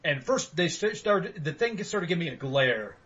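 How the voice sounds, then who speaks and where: A man's voice: fairly high pitch, very animated, moderate pace, a bit bright, lo-fi sound. A young man hosting a podcast, telling rambling, profane stories in casual chat with bursts of laughter. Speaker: podcast host.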